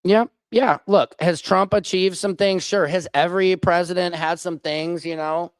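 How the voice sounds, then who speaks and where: A man's voice: high voice, steady tone, normal speed, clear, resonant tone, dry recording. A man from the United States hosting a livestream. He rants heatedly about politics with a lot of swearing and answers viewers' comments as they come in. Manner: profane, heated, reads viewer comments aloud. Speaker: livestream host.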